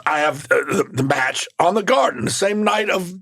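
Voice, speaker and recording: Gravelly older Southern man telling stories. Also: a little high, normal speed. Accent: Southern American. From Southern United States. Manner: animated anecdotes, swears freely, acts out quoted people. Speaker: former pro wrestling manager and wrestler, podcast guest. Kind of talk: casual storytelling interview.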